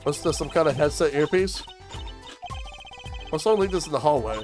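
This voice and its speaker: A man's voice: on the high side, expressive, a little fast, music in the background. A man streaming a courtroom video game, reading the protagonist's lines and his own thoughts aloud in a plain, earnest way.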